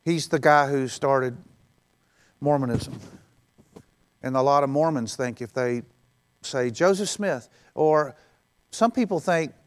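A man's voice: a little high, lively intonation, moderate pace. A middle-aged male pastor preaching a sermon in a conversational way, acting out quoted voices in passing.

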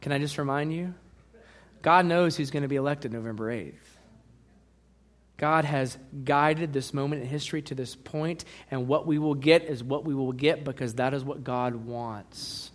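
A pastor preaching a sermon, emphatic, asking the congregation questions and reading scripture aloud. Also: male voice, medium pitch, moderate pace.

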